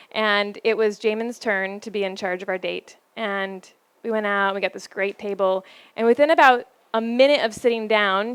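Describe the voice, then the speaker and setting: A woman giving a storytelling talk to a live audience about relationships, playful and laughing often, with dramatic pauses. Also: medium pitch, fairly bright tone, clean tone, dry recording.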